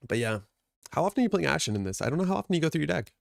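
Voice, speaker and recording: A man's voice: on the high side, big pitch swings, rapid-fire, vocal fry, no room sound. A man hosting a live card game stream, chatting casually and greeting viewers by name, a little stuffed up from allergies.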